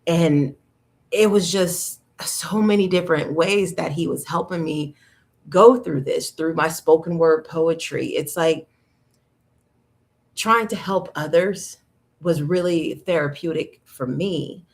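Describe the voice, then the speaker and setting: A woman in her thirties hosts a podcast and tells her own story openly, with a somewhat low voice. She talks in an animated, unguarded way, full of restarts and asides. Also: slow. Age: 30s. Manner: candid, animated, acts out quoted dialogue. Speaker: podcast host. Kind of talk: personal storytelling.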